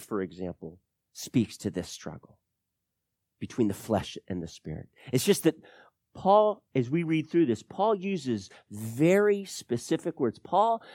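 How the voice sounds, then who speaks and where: A man preaching a sermon as pastor, teaching through scripture and swinging between loud emphatic lines and soft, low drops. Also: big pitch swings, a little slow, no echo, clean studio sound.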